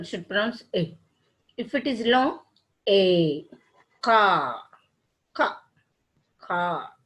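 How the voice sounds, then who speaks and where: A woman's voice: mid-range voice, poor audio. A woman teaching phonetics in a classroom lecture, spelling out letters and words one at a time and restarting her sentences. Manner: repeats herself and restarts sentences.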